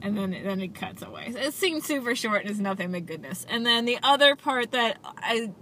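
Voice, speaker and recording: A woman's voice: on the high side, animated, moderate pace, background noise. A young woman chatting casually in a daily video diary, rambling and enthusiastic with lots of fillers. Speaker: vlogger reviewing a film daily.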